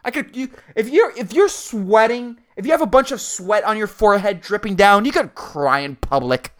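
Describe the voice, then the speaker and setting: Man, solo comedy podcast host, profane rant, lively swinging pitch, laughs at his own jokes. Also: moderate pace.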